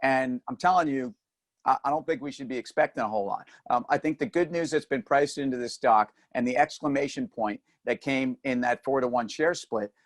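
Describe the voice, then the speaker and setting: A man's voice: medium pitch, a little fast. A man co-hosting a finance show, teasing his partner in casual, wisecracking banter. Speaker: co-host.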